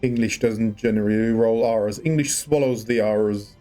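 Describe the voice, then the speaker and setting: A man's voice: on the low side, normal speed, mellow, faint music behind. A man casually chatting on a livestream while playing a game, musing and rambling as he tries out rolled R's. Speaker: game streamer.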